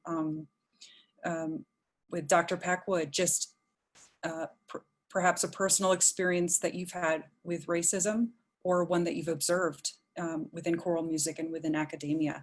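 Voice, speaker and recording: A woman moderating a webinar panel over a video call, hesitant with many ums. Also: lowish voice.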